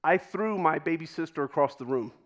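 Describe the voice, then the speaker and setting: A man's voice: fairly high pitch, expressive. Man telling a personal story onstage. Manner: dramatic pauses, drops to a hush for quoted moments. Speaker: keynote speaker. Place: stage before a live audience.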